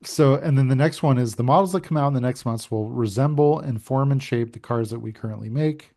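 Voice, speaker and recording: A man's voice: medium pitch, a little fast, mellow. A man co-hosting a podcast in a casual chat, easygoing and agreeing often. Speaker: podcast co-host.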